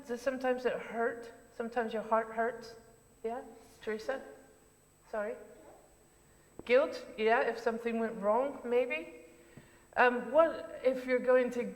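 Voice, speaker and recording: At a church service, a woman leads a children's talk, asking questions and encouraging the kids in simple words. Her voice is a little high and moderately paced, and the church interior echoes around her.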